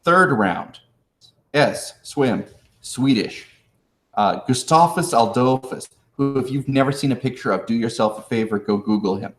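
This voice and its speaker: A man's voice: mid-range voice, unhurried. Joking man teaching history in an echoey room. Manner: casual, joking, talks to viewers in chat; acts out historical figures in slangy voices. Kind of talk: live-streamed exam review.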